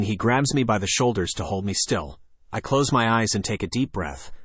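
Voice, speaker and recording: A man narrating a first-person horror story in a steady, even reading voice. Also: on the low side, normal speed, slightly rough, dry recording.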